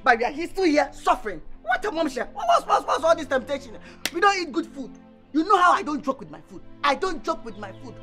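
A woman's voice: sits high, big pitch swings, fast talker, fairly bright tone, faint music behind. A Nigerian actress playing a brash young man, the only son, stammering and repeating words as he complains. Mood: arguing. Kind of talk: film acting.

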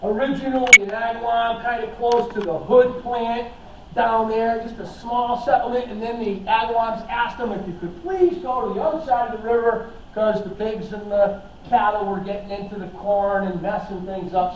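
A man's voice: high-pitched, steady tone, a little fast, darkish tone. A man giving a casual slideshow history lecture, chatty and enthusiastic, with plenty of fillers and restarts. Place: historical society lecture room. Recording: echoey, dull, from far off, faint hiss.

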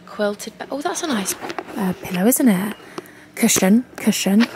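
A woman's voice: mid-range voice, moderate pace, vocal fry. A young English woman chatting through a casual shopping vlog, gushing over items and calling viewers huns. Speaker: vlogger. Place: large clothing store, indoors. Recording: noisy shop ambience.

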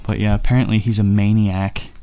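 A young man chatting casually as a podcast guest, halting and laid-back, with many fillers. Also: on the low side, little pitch movement, noisy background. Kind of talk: casual chat.

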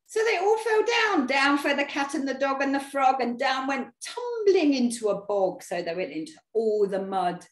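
Brief: animated woman reading to children, slow and very lively, in an echoey room. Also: mid-range voice. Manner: expressive, talks to young listeners. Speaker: children's storyteller. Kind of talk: animated read-aloud for children.

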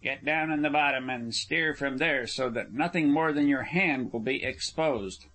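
A man voicing a bold, shrewd male fish patrolman who gives quiet orders and dry retorts. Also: mid-range voice, moderate pace, close to an everyday voice.

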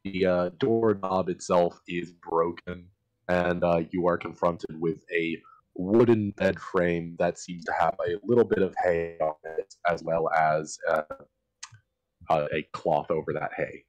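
A man with a deep voice narrates a tabletop game at an unhurried pace. He hesitates often and laughs between descriptions. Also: steady tone, darkish tone, poor audio. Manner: laughing often, slow and hesitant with many ums. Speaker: game master.

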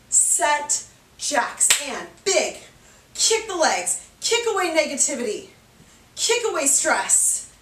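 A woman's voice: high voice, a bit bright, reverberant, distant mic. A woman fitness instructor leading a seated cardio class, upbeat and encouraging, counting reps while out of breath.

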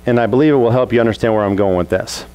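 A man preaching a sermon as a pastor, telling a childhood story and acting out the family scenes in lively voices. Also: on the low side, rapid-fire, clear, resonant tone, lo-fi sound.

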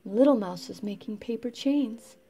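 A woman reading a children's picture book aloud in a gentle, expressive way. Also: on the high side, moderate pace, slightly rough. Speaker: storybook reader.

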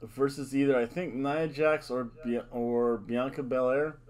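A man's voice: medium pitch, fairly even intonation, a little slow, a little mellow. A middle-aged man hosting a casual wrestling predictions vlog, playful and showy, with announcer-style catchphrases. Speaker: host.

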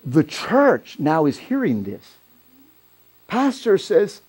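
A middle-aged man preaching a sermon in a church, telling a story and rising to loud, excited peaks. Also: sits high, slow, breathy edge. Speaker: pastor.

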